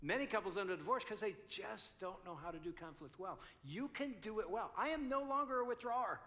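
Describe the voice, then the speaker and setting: An older man in his sixties gives a conference talk, spinning an animated, self-deprecating story. His voice sits high for a man and rings bright and forward. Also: fairly quick. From United States. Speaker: conference speaker. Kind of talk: storytelling talk to a live audience.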